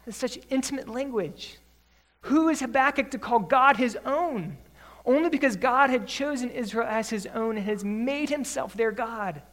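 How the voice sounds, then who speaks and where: A man preaching an expository sermon as a Bible teacher, reading scripture slowly, then explaining it conversationally with earnest, rising emphasis. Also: very high voice, fairly bright tone.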